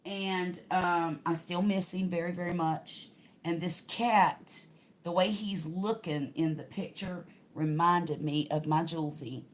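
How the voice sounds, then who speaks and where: Chatty older woman, low voice. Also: fairly even intonation, unhurried. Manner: chatty, talks to viewers while unboxing. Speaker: craft livestream host. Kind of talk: casual livestream chat.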